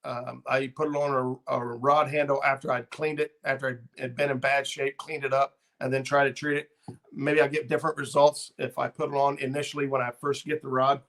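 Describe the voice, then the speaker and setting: A man's voice: mid-range voice, little pitch movement, brisk, fairly bright tone. A middle-aged man hosting a fishing channel livestream, chatting casually and rambling with lots of ums and uhs as he reads viewer comments.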